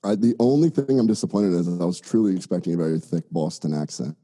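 A man's voice: low voice, fast, dark tone. A middle-aged man, a gastroenterologist guest on a podcast, chatting in a friendly, complimentary, meandering way. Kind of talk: casual interview chat.

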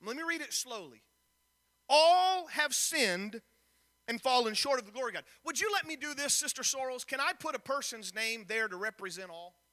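Speaking fast and barely pausing, this pastor gives an animated sermon in a church sanctuary. His very high voice is bright and cutting as he reads scripture and challenges the congregation with questions, while the hall's lengthy reverb lingers behind each line.

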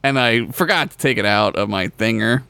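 A man's voice: on the low side, normal speed, vocal fry, bright, forceful tone, smooth. A man co-hosting a podcast, telling stories in a sardonic, profane, casual way. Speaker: podcast co-host. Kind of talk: casual chat.

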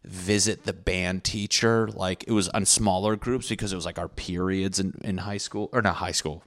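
A young man from Connecticut, with the accent to match, tells a rambling comic story from his school days, profane and full of self-corrections. His low voice is flat, at a moderate pace with few pauses.

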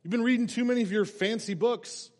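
A man's voice: extremely high pitch, a little fast, a little mellow, big-room sound, pitched above the performer's own voice. A man voicing a scoffing, exasperated Roman governor who calls a prisoner crazy in a raised, incredulous voice.

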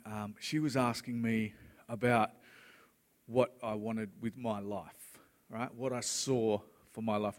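A middle-aged man preaches to a congregation. He tells stories earnestly and casually and keeps checking in with his listeners. His voice carries the long reverb of a big church hall at an ordinary pitch. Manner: earnest, conversational storytelling with frequent "right?". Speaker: pastor. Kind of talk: sermon.

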